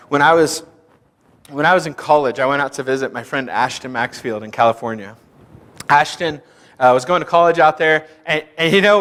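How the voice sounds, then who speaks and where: A young male pastor from Kansas preaches in a church, his high, bright voice carrying a long hall reverb. He tells stories with animated energy, acting out the dialogue with shouts and laughter. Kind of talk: sermon with storytelling. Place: church sanctuary.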